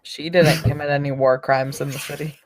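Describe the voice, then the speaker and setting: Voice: medium pitch, level tone, brisk, slight background noise. A player in a tabletop game, musing chattily out of character. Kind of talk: casual out-of-character chat.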